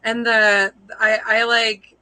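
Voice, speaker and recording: A woman's voice: fairly high pitch, flat delivery, slow, pushed and bright, no room sound, low-quality recording. A young woman, a fiber artist guest, chatting casually on a live video call, rambling and self-deprecating with frequent laughs.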